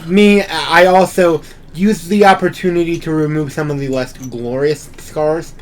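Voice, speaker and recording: Brief: casual male player, fairly high pitch, joking tone. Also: steady tone, a little slow. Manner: joking, admits bad at accents. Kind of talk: casual chat at a tabletop game.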